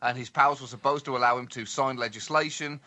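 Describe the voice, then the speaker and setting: A man co-hosts a satirical comedy podcast, spinning stories in a lively, mock-grand manner that builds toward punchlines. His voice is mid-range and he talks fast.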